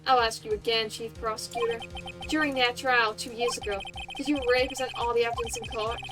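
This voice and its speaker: A woman voicing a gruff, confrontational male detective in a put-on Texan accent, drawling and accusing. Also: a little high, fairly even intonation, fairly quick, music in the background, close to an everyday voice, poor audio. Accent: exaggerated Texan accent (put on).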